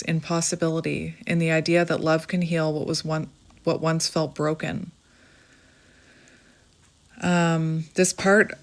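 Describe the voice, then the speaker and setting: Tarot reader, female, lowish voice, earnest and reassuring, talks straight to camera. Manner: earnest, emotional, reassuring, reads passages aloud. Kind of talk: tarot reading addressed to the viewer.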